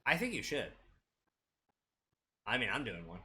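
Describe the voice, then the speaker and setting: A man with a bright, animated voice chats through a card game on a stream. He jokes, swears casually and sounds worn down by the heat. His delivery is laid-back and lively. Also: mid-range voice, measured pace, slight background noise. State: hot and sweaty. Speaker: stream co-host playing the game.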